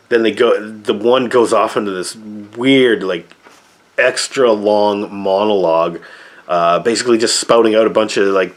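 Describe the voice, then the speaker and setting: A man with a fairly low voice gives a casual movie review, rambling with lots of fillers. When he complains about the film, he gets sarcastic and exasperated.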